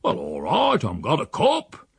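A man voicing an old, rough, easygoing gravedigger who talks back slyly and coaxingly while reading a story aloud. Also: medium pitch, huge pitch swings, measured pace, no echo, pitched above the performer's own voice, heavily acted. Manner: sly, unbothered, coaxing.

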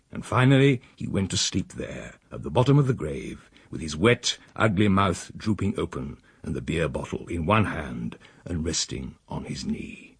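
A man reading a story aloud in an expressive, wry manner. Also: slightly rough, no room sound. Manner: expressive, sweeping pitch, wry. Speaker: narrator. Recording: dry close recording.

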